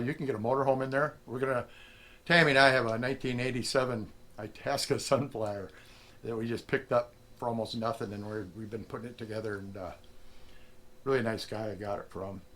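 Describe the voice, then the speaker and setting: A middle-aged man, a prospecting vlogger, telling a story casually and acting out the lines of the people in it. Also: medium pitch. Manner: animated storyteller, acts out quotes.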